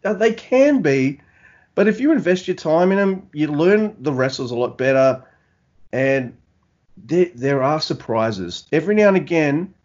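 A man co-hosting a podcast, talking in a relaxed, rambling way. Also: a little high, unhurried, highs cut off. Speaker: podcast co-host. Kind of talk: casual chat.

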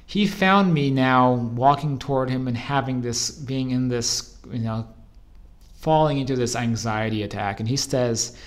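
A man's voice: medium pitch, unhurried. Rambling man telling a personal story. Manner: rambling, self-correcting, trails off and restarts mid-thought. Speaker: storyteller recounting a personal experience. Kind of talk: casual first-person anecdote.

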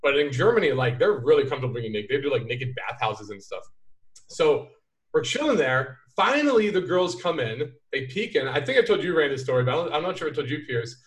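A man's voice: medium pitch, brisk, far from the mic. A man telling a funny story in casual chat, acting out the quotes. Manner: animated, acts out quoted voices. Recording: roomy, a bit off-mic.

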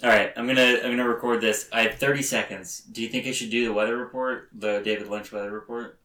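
A man's voice: fairly even intonation, fast talker, pushed and bright. A man hosting a casual podcast, joking and laughing, often restarting his lines. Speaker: podcast host. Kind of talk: casual chat. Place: bedroom. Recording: roomy, distant low-quality recording.

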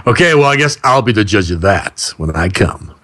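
A man's voice: lowish voice, animated, normal speed, pushed and bright, a little hiss or hum. A man hosting a radio talk show, joking and playful with his co-host and guest. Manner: jokey, playful, laughs often. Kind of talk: casual radio interview.

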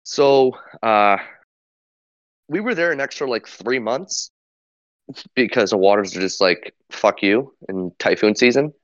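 A man on a casual podcast telling a story slowly, with many fillers and some laughter. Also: mid-range voice, lively intonation, no room sound. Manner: hesitant, many fillers, laughs while talking. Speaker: podcast co-host. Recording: dull lo-fi mic.

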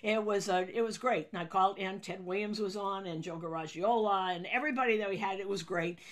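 A woman, a sports broadcaster telling an anecdote in an interview, acting out quotes with sudden loud high bursts. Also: a little fast.

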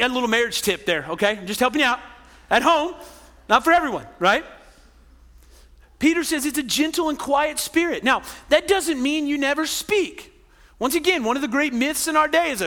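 Pastor, male, high bright voice, chatty sermon with jokes, big reverberant hall. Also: expressive, fairly quick. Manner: conversational, joking asides, tag questions.

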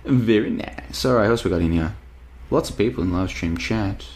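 A man's voice: deep voice, fairly quick. A man with an Australian accent hosting a casual live stream, reading out chat messages and answering them in a rambling, emphatic way that repeats itself. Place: apartment in Bulgaria.

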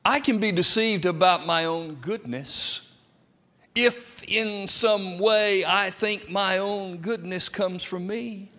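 Man preaching, high voice, slow pace, big hall echo. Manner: lively, dramatic delivery with acted quotes. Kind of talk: sermon. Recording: long reverb of a hall.

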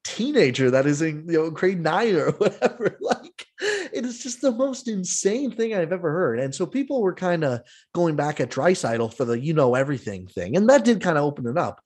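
A man hosting a casual sports podcast, ranting in an exasperated, animated way with some swearing. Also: fairly high pitch, moderate pace, breathy edge. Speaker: podcast host.

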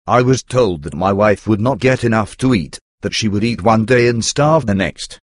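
A man narrating a first-person memoir in a measured, earnest storytelling manner. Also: fairly low pitch, expressive, no room sound, clean studio sound.

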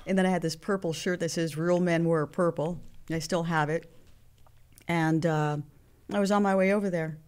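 Earnest, halting woman telling her story. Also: fairly low pitch, steady tone, darkish tone. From Mexican heritage. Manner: earnest, halting, many restarts. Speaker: interview guest. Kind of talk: emotional personal storytelling.

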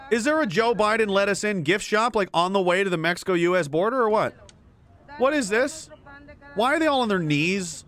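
A man's voice: sits high, fairly quick, a bit bright. A man giving ranting political commentary, sarcastic and exasperated, with swearing.

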